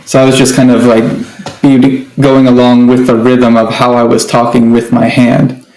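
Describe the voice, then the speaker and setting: A man's voice: medium pitch, completely flat delivery, normal speed, a little mellow. A man co-hosting a casual conversation, explaining at length with frequent restarts. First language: English. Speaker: co-host. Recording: echoey room.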